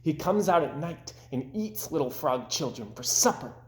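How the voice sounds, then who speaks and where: A man's voice: a little high, lively intonation, normal speed, close to an everyday voice. A man voicing a solemn father frog in a plain, grave tone. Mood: ominous. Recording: roomy echoing room.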